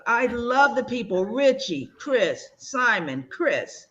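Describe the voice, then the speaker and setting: A woman's voice: on the high side, slow. A woman hosting a casual video chat, telling stories with lots of laughter and exclamation. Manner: animated, laughing, exclamatory storyteller. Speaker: host. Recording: dull lo-fi audio.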